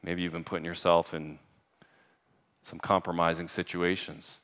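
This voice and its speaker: A man's voice: low-pitched, little pitch movement, normal speed, a bit bright, big-room sound. A man preaching a sermon to his church in an earnest voice that rises to urgent emphasis. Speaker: pastor. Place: church sanctuary.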